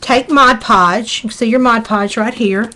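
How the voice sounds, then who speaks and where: A woman's voice: on the high side, unhurried, bright, forceful tone. Folksy Southern woman demonstrating crafts. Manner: chatty, folksy, talks while working. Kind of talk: live craft tutorial.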